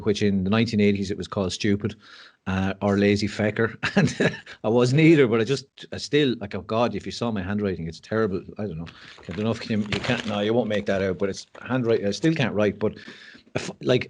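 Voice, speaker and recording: Irish man, fifties, podcast guest, rapid speech, low pitch, candid storyteller, casual chat. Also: darkish tone. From Ireland. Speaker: guest, mental health speaker.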